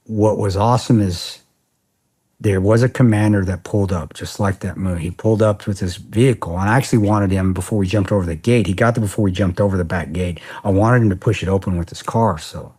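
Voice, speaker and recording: A man being interviewed on a podcast, telling a story in a casual, animated way, swearing often and saying "man" a lot. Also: low voice, brisk, husky. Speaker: podcast guest, former soldier.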